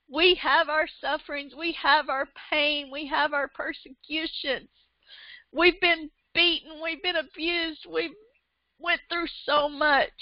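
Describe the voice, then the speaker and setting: A woman's voice: sits high, dry recording. A woman preaching a fervent, emotional sermon online, repeating phrases and laughing through tears. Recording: dull lo-fi sound.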